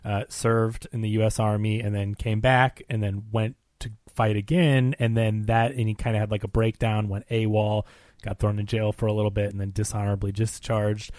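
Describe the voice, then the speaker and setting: A podcast host chatting casually about films, giving animated, emphatic opinions. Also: male voice, fairly low pitch, normal speed, dry recording, studio quality. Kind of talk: casual film discussion.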